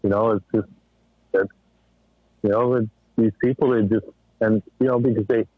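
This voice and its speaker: A lower-voiced man from Western Massachusetts calling in over a thin, dry phone line. He speaks haltingly, restarting his sentences as he searches for words. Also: steady tone, no echo. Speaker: caller. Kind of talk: casual call-in chat.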